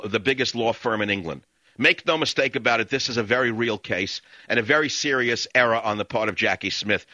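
A man's voice: medium pitch, bright, forceful tone, no echo, lo-fi sound. A man hosting a radio talk show, ranting angrily and hurling insults in a repetitive tirade.

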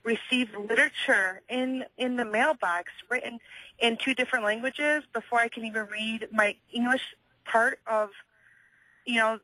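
A woman's voice: a little high, fairly even intonation, moderate pace, sharp tone, dry recording. A woman calling in to a talk radio show, sounding frustrated and indignant. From United States. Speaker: caller. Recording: phone line.

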